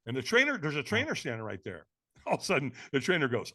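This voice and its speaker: A man who is a podcast guest, telling a story in an energetic, emphatic way and acting out the other people in it. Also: mid-range voice, fast talker, husky. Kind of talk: animated storytelling.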